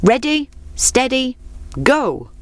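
A woman voicing a brisk, bossy male fox who calls out commands. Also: fairly low pitch, huge pitch swings, vocal fry, dry recording, full character voice.

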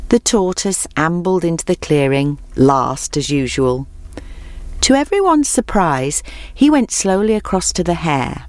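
A woman with a lowish voice reads a storybook aloud, measured and expressive. The recording is close and dry, with no room sound. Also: no echo.

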